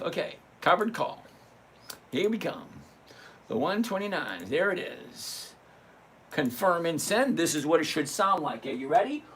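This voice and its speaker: A man in his sixties talks through trades on a casual livestream, his gravelly voice swinging widely in pitch. He jokes, swears lightly and reads figures aloud one by one, with faint background hiss. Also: a bit bright. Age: 60s. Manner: chatty, jokey, swears casually; reads out numbers step by step. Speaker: livestream trading host.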